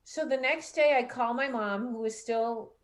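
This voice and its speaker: A middle-aged woman hosting a live call-in show as a psychic medium, telling a personal story in a chatty, animated way. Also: on the high side, normal speed. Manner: chatty, animated when retelling dialogue.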